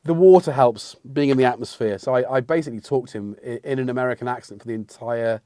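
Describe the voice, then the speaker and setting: A man's voice: mid-range voice, fast, mellow, dry recording. A middle-aged English man hosting a casual livestream, rambling and self-mocking as he answers the chat. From England. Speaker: livestream host.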